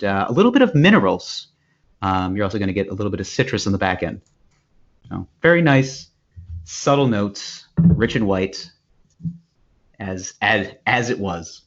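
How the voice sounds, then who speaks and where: A man co-hosting a casual podcast, chatting loosely with lots of fillers and restarts. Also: on the low side. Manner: rambling, halting with fillers and restarts. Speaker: podcast co-host. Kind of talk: casual banter, wine tasting chat. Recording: dull lo-fi podcast audio.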